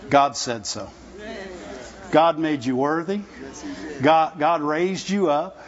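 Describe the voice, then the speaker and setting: A man's voice: a little high, lively intonation, slow. A man preaching a sermon in a conversational, folksy way, often asking his listeners rhetorical questions. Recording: dull lo-fi recording.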